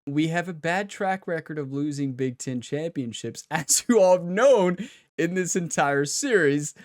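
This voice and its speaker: A slightly high-voiced man talks over his video game from a home setup, hyping himself up with playful trash talk. His voice is dry and close, with no room sound behind it. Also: lively intonation, unhurried, no echo. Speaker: gaming YouTuber. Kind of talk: casual gameplay commentary.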